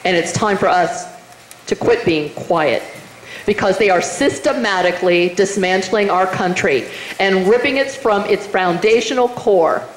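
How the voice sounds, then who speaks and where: Speaking at medium pitch and a measured pace, a middle-aged political speaker gives an emphatic, rousing rally speech in a meeting room, throwing rhetorical questions at the audience. The audio sounds roomy, with faint background noise.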